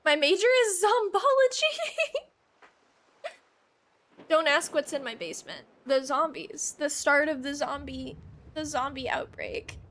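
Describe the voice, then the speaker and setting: A woman's voice: high-pitched, slow pace, long pauses, bright, forceful tone. A woman streaming a game live, chatting casually with viewers in a rambling, giggly way.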